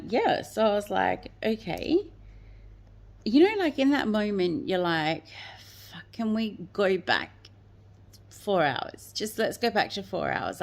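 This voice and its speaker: A woman's voice: lowish voice, vocal fry. A woman telling a personal story in a rambling way, with many fillers, often quoting what others said. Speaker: guest telling her story.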